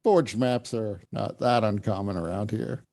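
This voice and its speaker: A man voicing a calm, polite tavern keeper who warns guests gently. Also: on the low side, measured pace. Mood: mild warning. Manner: mild, reasonable, gently warning.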